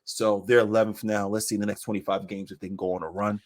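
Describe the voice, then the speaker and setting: Animated man talking basketball. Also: on the low side, fast talker, a little hiss or hum. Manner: animated, repeats phrases for emphasis. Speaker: basketball podcaster. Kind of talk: casual podcast chat.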